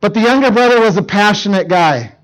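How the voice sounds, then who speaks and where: Middle-aged male youth preacher, high-pitched, animated storyteller. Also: a little fast, poor audio. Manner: animated storytelling, acting out quoted lines. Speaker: youth pastor. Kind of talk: sermon.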